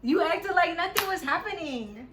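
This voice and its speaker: A woman's voice: very high-pitched, expressive, moderate pace, reverberant, background noise. A woman vlogger crying with joy, giggly and tearful, repeating exclamations in casual chat.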